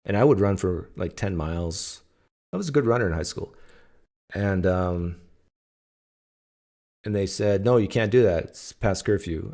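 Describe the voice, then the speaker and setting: A man's voice: low voice, darkish tone. A man from Canada hosting a casual livestream, telling stories in a joking, teasing way. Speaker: host.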